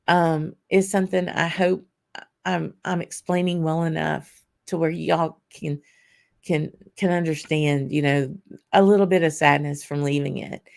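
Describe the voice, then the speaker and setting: A tired, slightly hoarse woman from Louisiana, chatting casually as host of her own vlog, with lots of fillers and restarts. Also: fairly low pitch. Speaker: whisky channel host.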